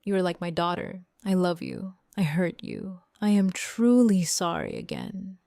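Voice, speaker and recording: A woman's voice: lowish voice, huge pitch swings, a little slow, vocal fry, warm tone, no room sound, clean studio sound, full character voice. A woman voicing a remorseful older sister who apologizes in short, simple sentences.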